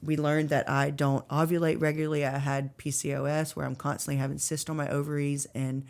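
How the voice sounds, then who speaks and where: A woman's voice: low voice, level tone, a little fast, gravelly, a little mellow, clear, resonant tone. A woman in her thirties telling an earnest, emotional story of faith and struggle as a podcast guest, with many fillers. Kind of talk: personal faith testimony.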